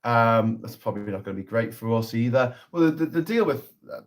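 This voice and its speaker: A man's voice: medium pitch, lively intonation, brisk. A man hosting a casual political livestream, talking in a sarcastic, sweary, rambling way.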